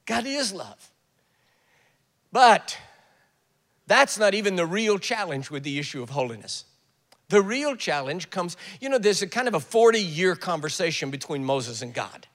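Lively older man preaching in a hall. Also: high-pitched, a little slow. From US South. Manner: storytelling with acted quotes and joking asides. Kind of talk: sermon. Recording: echoey hall.

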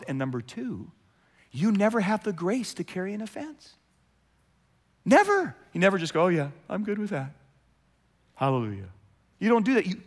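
A man preaching a sermon as a pastor, animated, acting out quoted voices and swinging from loud to hushed. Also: mid-range voice. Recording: long hall reverb.

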